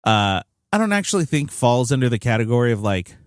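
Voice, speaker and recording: Male podcast co-host, lively pitch, hedging casual talker, dry close-miked sound. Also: fairly quick, clean tone, no echo. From United States. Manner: rambling, hedging, lively and swearing. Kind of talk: casual chat.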